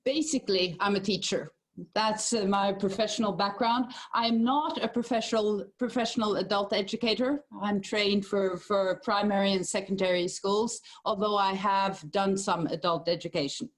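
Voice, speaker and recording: A woman's voice: medium pitch, fairly even intonation, moderate pace. A woman, a guest speaker plainly and directly opening her presentation over a video call. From Norway. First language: Norwegian. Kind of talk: giving a presentation.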